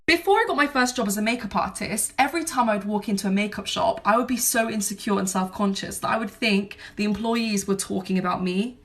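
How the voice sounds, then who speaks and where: A woman's voice: mid-range voice, fairly quick, hardly any pauses, a bit bright, far from the mic. A woman makeup artist telling a casual storytime, playful and acting out dialogue.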